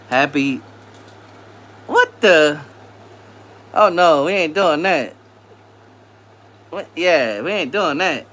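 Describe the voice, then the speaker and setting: Hosting a live stream, a man replies to chat with relaxed, slangy banter and laughs often. His bright voice is fairly high for a man, and his pitch swings widely between lines. He talks very slowly, leaving long pauses.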